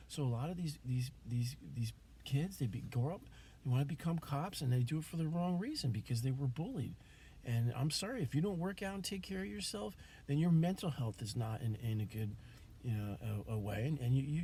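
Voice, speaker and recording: A man's voice: a little high, dark tone, a little hiss or hum. A man venting in a rambling, swearing vlog monologue, grieving and angry, with many restarts. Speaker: vlogger.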